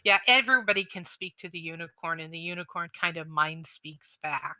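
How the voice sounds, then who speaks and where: A woman narrating a tabletop game as game master, describing scenes in an unhurried way. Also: on the low side, pushed and bright, dry recording.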